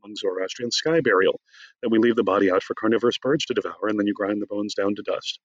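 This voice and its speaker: A man discussing his book in an animated conversation, talking fast and excitedly with many asides. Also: fairly low pitch, dry recording, muffled recording.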